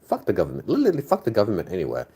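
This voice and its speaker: A man's voice: fairly low pitch, wildly swooping pitch, racing, mellow, breathy edge. A man in his thirties chatting casually with his audience in a crude, joking, rambling way. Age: 30s. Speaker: streamer reading chat. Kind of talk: casual chat.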